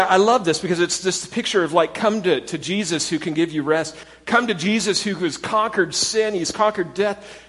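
A man preaching a sermon as a pastor, in a conversational, animated way, sometimes acting out people in a high, excited voice. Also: long reverb tail.

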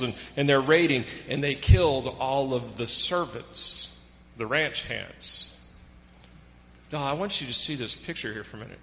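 A man preaching a sermon as pastor, reading scripture aloud with animated emphasis. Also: mid-range voice, big-room sound, poor audio.

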